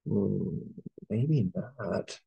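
A man's voice: on the low side, drawn-out words, creaky, slightly rough, lo-fi sound. A middle-aged American man, an English teacher, going through test answers and spelling words out letter by letter. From United States.

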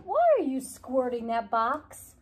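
A woman's voice: high voice, animated, takes it slowly, a little hiss or hum, voice pushed down. A woman as a curious questioning voice.

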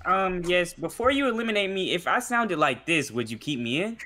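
A man in an online dating game pleads playfully to stay in. His pitch swoops widely and sits a bit high. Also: very animated, brisk, sharp tone. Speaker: dating contestant.

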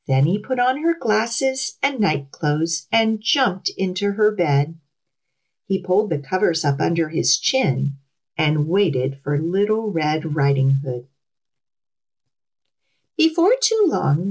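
Woman children's librarian, storytime read-aloud, very expressive, slow, outdoors. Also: fairly low pitch, rough recording. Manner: expressive, animated, storyteller's lilt.

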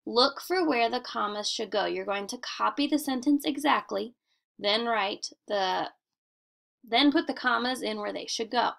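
A woman teacher giving a recorded grammar lesson for children in a slow, deliberate, sing-song classroom manner with emphatic questions. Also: fairly high pitch, vocal fry, a bit bright.

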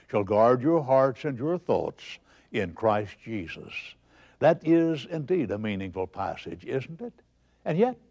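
A man preaching a televised sermon in an emphatic, animated manner, reading scripture aloud along the way. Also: mid-range voice, muffled recording.

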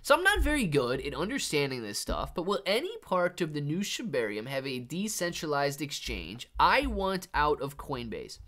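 A man's voice: a little high, wildly swooping pitch, normal speed, few pauses, a bit bright. A man hosting a live stock and crypto stream, talking casually to viewers and often adding "man" to his sentences. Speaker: livestream host reading chat. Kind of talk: casual live market commentary.

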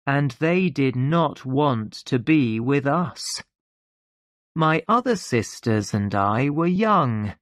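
Narrator, very slow, lively intonation, dry. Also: medium pitch, no echo. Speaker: audiobook narrator. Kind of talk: slow scripted narration for learners.

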